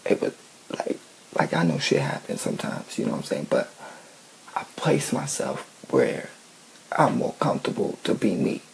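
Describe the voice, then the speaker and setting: A man's voice: low-pitched, big pitch swings, normal speed, gravelly, a little hiss or hum, poor audio. A man ranting casually, blunt and profane, often asking "you know what I'm saying".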